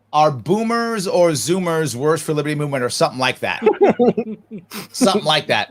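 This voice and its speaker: Male, 40s, podcast guest; slightly raised pitch, talks off the cuff, animated, laughs easily. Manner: animated, laughs often, acts out other voices.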